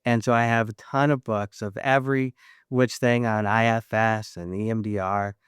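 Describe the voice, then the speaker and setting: A man, a therapist, chatting as a podcast guest, playful and animated as he acts out his own thoughts. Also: on the low side, moderate pace, smooth, no echo, studio quality. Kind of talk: casual interview chat.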